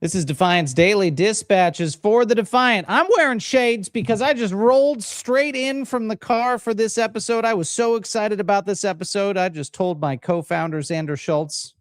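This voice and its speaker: A man hosting a live political stream, talking in an energetic, jokey way as he hypes up the guests. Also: sits high, moderate pace, few pauses, no room sound, studio quality. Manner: energetic, jokey, hype-building introductions. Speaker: livestream host. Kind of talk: upbeat live-stream show opening.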